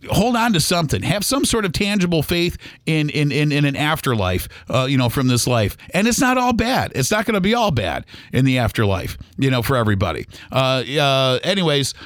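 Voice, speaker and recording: A man's voice: a little high, very animated, a little fast, hardly any pauses, a bit bright, dry recording. A middle-aged man hosting a podcast, talking in a casual personal monologue that rambles with many restarts. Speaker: podcast host.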